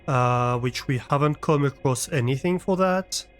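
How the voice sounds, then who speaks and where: A man's voice: medium pitch, measured pace, faint music behind. A man live-streaming a game from his room, chatting casually with viewers and thinking aloud as he plays. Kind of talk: casual chat while playing a game. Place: his own room at home.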